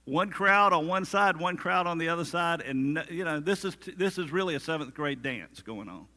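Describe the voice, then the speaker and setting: A man's voice: on the high side, expressive, moderate pace, pushed and bright, long reverb tail. A man preaching a sermon as pastor, conversational, with humorous asides and acted-out quotes. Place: church sanctuary.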